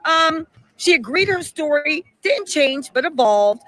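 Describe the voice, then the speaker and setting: On a casual live stream, a woman reads viewer messages aloud and throws out emphatic rhetorical questions while chatting animatedly. Her high, bright voice sounds pushed but unhurried, captured on a rough recording.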